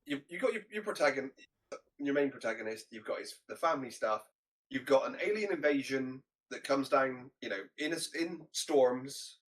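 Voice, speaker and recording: A man's voice: mid-range voice, expressive, moderate pace, a little hiss or hum, rough recording. A man co-hosting a film review podcast, chuckling often and searching for words in casual chat. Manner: laughs often, hesitant restarts. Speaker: podcast co-host.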